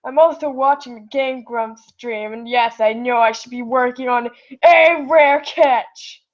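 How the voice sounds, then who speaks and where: Casting: a woman with a high voice reading fan fiction slowly, chatty, self-interrupting, on a lo-fi built-in mic. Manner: rambling, self-interrupting, apologetic. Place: home, late at night. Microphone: built-in device mic, no proper microphone. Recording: lo-fi device mic recording.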